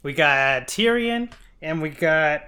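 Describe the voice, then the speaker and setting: A man co-hosting a comedy podcast tells a show recap in loose, profane fashion, laughing between lines. His voice is bright and forceful, a little high for a man. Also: animated, takes it slowly, smooth. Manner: profane, giggly storytelling. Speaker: podcast co-host.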